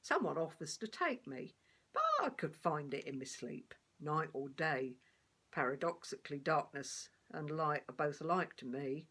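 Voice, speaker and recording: A woman playing a streetwise blind male beggar, telling his story in rough, colloquial speech. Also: low-pitched, animated, normal speed, fairly bright tone, full character voice. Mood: wry.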